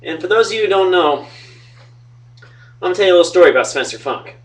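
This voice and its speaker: A young man who runs a fantasy football league talks loosely into his webcam at home, joking, swearing, trash talking and telling stories. His voice sits high, animated and quick, and he's recorded from a distance on the webcam mic.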